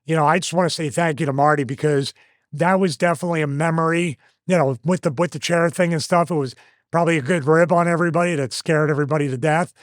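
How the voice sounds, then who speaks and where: A man in his fifties, a show host, telling a story in a casual, animated way and acting out the lines he quotes. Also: fairly high pitch, fast, dry recording, studio quality. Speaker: host, former wrestler.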